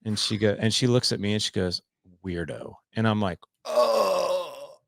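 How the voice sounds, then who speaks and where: A man with a very low, gravelly voice tells a story as a podcast guest. He talks in an animated way, slipping into the voices of the people he quotes and restarting his sentences often. The sound is dry and close. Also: quick pace, no echo. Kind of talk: casual storytelling.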